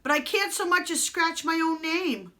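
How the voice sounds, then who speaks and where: A woman voicing a haughty, spoiled young prince who speaks high, shrill and indignant. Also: normal speed, sharp tone.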